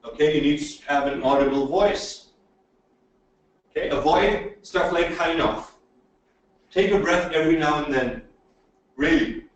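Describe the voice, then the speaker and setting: A man teaching presentation skills in a webinar, animated and emphatic, checking in with "okay?" often. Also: on the high side, measured pace, pauses often. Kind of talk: webinar lecture. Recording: very echoey room audio from a distance, faint noise.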